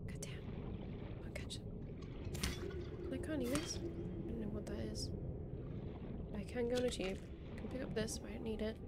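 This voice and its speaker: A woman giving casual, excitable let's-play commentary, chattering to herself and to the creatures she meets. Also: fairly high pitch, normal speed, long pauses, heavy background noise. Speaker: game streamer. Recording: game music under voice. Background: game music.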